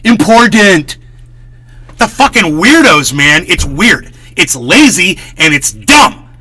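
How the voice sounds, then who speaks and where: A man with a bright, forceful voice pitched a little high rants on a live stream. He swears freely and keeps himself worked up. His talk is loose, casual and profane. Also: big pitch swings, slow, husky. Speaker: livestream host.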